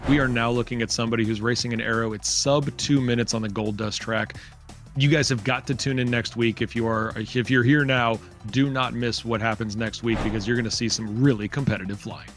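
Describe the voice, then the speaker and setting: A man calls an online spaceship race live in a chatty, upbeat way, piling in fillers as he reads out lap times. His voice sits at an ordinary pitch, with faint music playing behind him. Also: steady tone, brisk, a bit bright. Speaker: race commentator. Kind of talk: live esports commentary.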